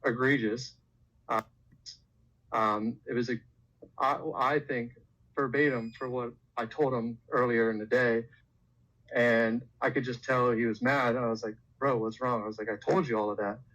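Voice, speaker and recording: A man recounting events on a livestream, stumbling through fillers and getting agitated. The sound is dull and lo-fi, like a recorded stream clip. His voice sits at an average pitch. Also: steady tone, moderate pace, a bit bright. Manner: hesitant, many fillers, builds up agitated. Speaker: livestream guest telling his side. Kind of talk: casual storytelling on a stream.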